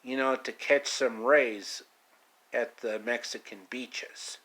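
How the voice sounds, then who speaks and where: A man narrates a home-made story at an unhurried, slow pace in a mid-range voice. His tone is laid-back and casual, sprinkled with foreign phrases. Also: mid-range voice, steady tone, pushed and bright. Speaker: storyteller, channel host.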